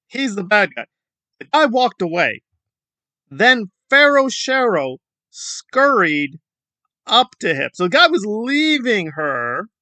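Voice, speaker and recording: A man's voice: sits high, bright, forceful tone, no room sound. A man hosting a sarcastic online commentary, scoffing and rambling through asides. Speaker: commentary channel host.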